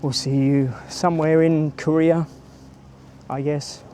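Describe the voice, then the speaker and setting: A man's voice: a little high, level tone, slow pace, mellow, slight background noise. Chatty man vlogging on a walk. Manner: chatty and rambling, greets passers-by. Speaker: travel vlogger. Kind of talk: casual walking tour vlog. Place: outdoors by a city stadium, walking.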